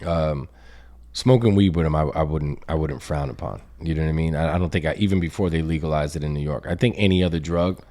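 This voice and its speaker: A man in casual podcast chat, relaxed, telling stories and mimicking how people talk. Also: a bass voice, fast. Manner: laid-back, mimics people's voices.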